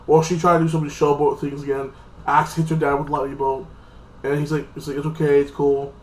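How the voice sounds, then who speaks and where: Casual male reviewer, slightly high voice, rambling delivery, echoey room. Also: flat delivery, fast talker. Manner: rambling, loose, many fillers and restarts. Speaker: TV episode reviewer.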